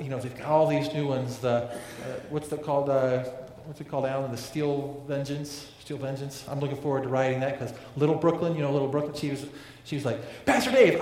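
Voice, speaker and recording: A male pastor preaching a sermon in an earnest way, often repeating words and restarting his sentences. His voice sits at a middle pitch. It rings out through a big hall with a long, heavy echo and faint room ambience behind it. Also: darkish tone, slight background noise. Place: large church hall. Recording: echoey hall with long reverb.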